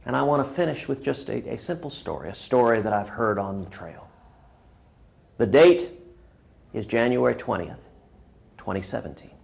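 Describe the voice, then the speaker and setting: A man's voice: mid-range voice, animated, normal speed, gravelly, long pauses, darkish tone. Punchy man building rhetorical repetition. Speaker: presidential candidate. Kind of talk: speech-style holiday greeting with a joke.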